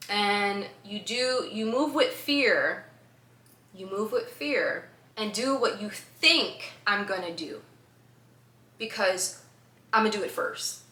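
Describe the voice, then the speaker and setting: A woman vlogger talks through her stories in a loose, chatty way, with lots of fillers and frequent bursts of laughter. Her voice is bright and forward. The sound bounces around an echoey room, with a faint hum behind her. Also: mid-range voice. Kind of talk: casual storytelling to camera.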